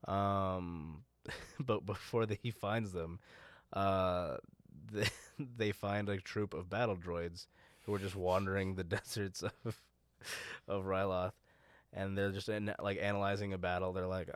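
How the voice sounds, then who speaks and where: Laughing, rambling man with a low voice. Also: steady tone, clear, resonant tone, no echo, clean studio sound. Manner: laughing, rambling, doing quick silly character voices. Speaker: podcast co-host. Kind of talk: casual chat recapping a show.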